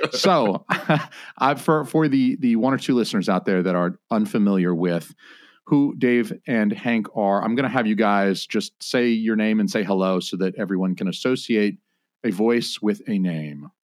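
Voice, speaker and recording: An American man hosting a podcast, joking with his guests in a teasing, deadpan way. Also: on the low side, moderate pace, no room sound, clean studio sound. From United States. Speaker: podcast host. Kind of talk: casual podcast banter.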